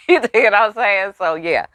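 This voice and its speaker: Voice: mid-range voice, expressive, slow pace, sharp tone, no echo. Blunt, profane tarot reader, dry sound. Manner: profane, emphatic, streetwise; asks the listeners rhetorical questions. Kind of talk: casual spiritual reading.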